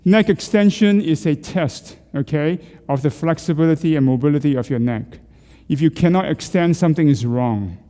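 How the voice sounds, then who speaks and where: A man's voice: on the high side, moderate pace, few pauses, dark tone, big-room sound. A middle-aged man leading a group through neck exercises. He coaches, asks questions and jokes with the class. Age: middle-aged or older. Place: church hall.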